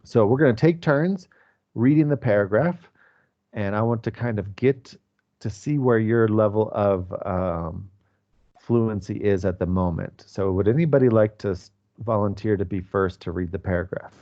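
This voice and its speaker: A man's voice: lowish voice, normal speed, warm tone, highs cut off. A man in his forties teaching an online English class, patient and explanatory with many fillers. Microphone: video call.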